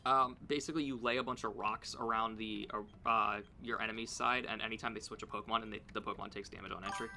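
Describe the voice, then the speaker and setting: A man's voice: on the low side, steady tone, fast, vocal fry, few pauses, pushed and bright, soft background music. A young man streaming a video game, chatting casually and rambling with many fillers. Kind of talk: casual gameplay commentary.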